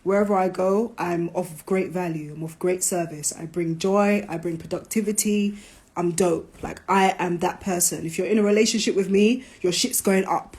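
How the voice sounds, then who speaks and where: A woman hosting a live stream, talking casually, animated and preachy, with playful jabs. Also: lowish voice, moderate pace. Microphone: phone.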